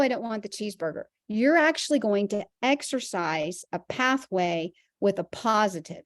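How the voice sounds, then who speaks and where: A woman's voice: on the high side, a little mellow, no echo, clean studio sound. A woman teaching a Christian health class, earnest and emphatic, using vivid everyday examples.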